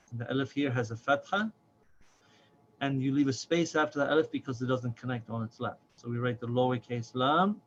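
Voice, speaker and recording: A man with a mid-range voice teaches a reading lesson, patient and deliberate, stretching syllables out slowly so learners can follow. The audio sounds a little dull, with a faint hiss underneath. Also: medium pitch. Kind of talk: step-by-step lesson.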